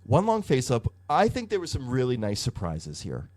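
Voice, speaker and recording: Animated, swearing podcast co-host man. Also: medium pitch, normal speed. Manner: animated, profane storytelling with hedging fillers. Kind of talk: casual comic book review chat.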